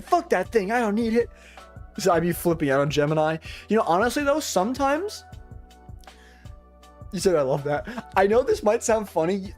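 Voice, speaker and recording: A young man who day-trades and streams chats casually, rambling in slangy, profane language and often joking at his own expense. His voice is high and a little mellow.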